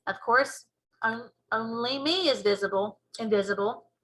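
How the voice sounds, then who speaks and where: Bright-voiced woman reading a story aloud. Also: a little high, measured pace, low-quality recording. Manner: lively, expressive storytelling. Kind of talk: children's book read-aloud.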